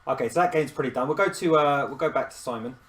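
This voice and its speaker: A man's voice: medium pitch, quick pace, fairly bright tone. Chatty man commentating chess live. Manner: chatty, self-deprecating, laughs often. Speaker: chess stream host.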